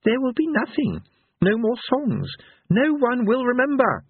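A mournful young minstrel with a raised, lilting voice, musing half to himself, as a male reader plays him. Thin telephone-like audio, dry and a bit husky. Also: very high-pitched, huge pitch swings, unhurried, dry recording, pitched above the performer's own voice, exaggerated voice. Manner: wistful, musing. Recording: tinny phone-like dry sound.

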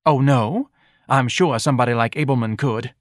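A man's voice: medium pitch, normal speed, no room sound, clean studio sound, voice pushed up, lightly acted. A man voicing a wealthy middle-aged wife who lectures insistently and needles her husband. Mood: needling.

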